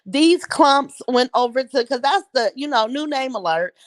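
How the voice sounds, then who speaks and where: A woman's voice: high voice, expressive, moderate pace, dry recording. A middle-aged woman hosting a livestream, chatting casually with viewers and trash-talking bluntly. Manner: blunt, mocking trash talk. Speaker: livestream host. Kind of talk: casual chat reacting to live viewer comments.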